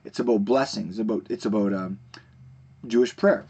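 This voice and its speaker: A man teaching a recorded video lesson, explaining terms in a relaxed way with frequent fillers and restarts. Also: fairly low pitch, moderate pace, slightly rough.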